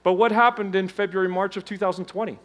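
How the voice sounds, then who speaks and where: A man in middle age delivers a motivational keynote to a live audience. His voice sits fairly high, and he shifts sharply between loud emphatic lines and quiet, low ones. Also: steady tone, fast. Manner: dramatic swings from loud emphasis to hushed low tones. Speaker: keynote speaker. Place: conference stage before a live audience.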